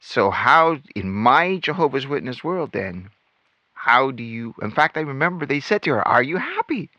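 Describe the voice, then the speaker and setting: A man telling his life story as host of his own channel, animated and acting out remembered lines as he goes. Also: mid-range voice, moderate pace, dry recording, highs cut off. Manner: animated storytelling, acts out quotes. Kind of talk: personal testimony monologue.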